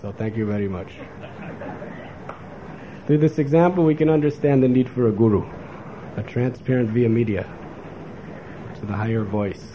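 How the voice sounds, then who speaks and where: A man's voice: mid-range voice, normal speed, long pauses. A man giving a spiritual lecture, delivering it as a sermon and acting out the voices of the people he quotes. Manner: animated, acts out quoted voices. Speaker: spiritual teacher. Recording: faint background noise.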